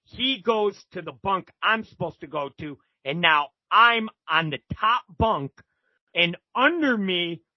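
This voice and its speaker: A man's voice: sits high, lively intonation, measured pace, no room sound, muffled recording. A man guest telling a story casually and animatedly, swearing freely and acting out other people's lines. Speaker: podcast guest.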